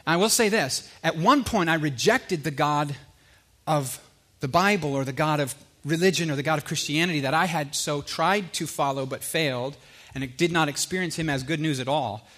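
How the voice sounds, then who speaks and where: A man giving an earnest personal testimony, animated at times and dropping low and quiet for emphasis. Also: moderate pace. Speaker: speaker sharing his faith story.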